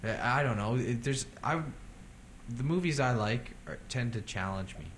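A man's voice: mid-range voice, animated, moderate pace, a little hiss or hum. A man co-hosting a casual film talk, blunt and opinionated, swearing casually.

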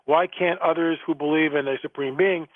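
A man's voice: fairly high pitch, fairly even intonation, fairly quick, no room sound. A male guest author in a radio interview, talking emphatically and often repeating words, over a phone line.

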